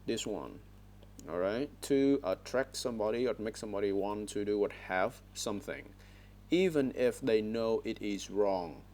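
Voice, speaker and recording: Man, slightly low pitch, corrective online teacher, headset. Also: lively intonation, normal speed, warm tone. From Vietnam. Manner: corrective, repeats words and frequent "all right?" checks. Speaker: English teacher. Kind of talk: online speaking lesson. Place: online video class.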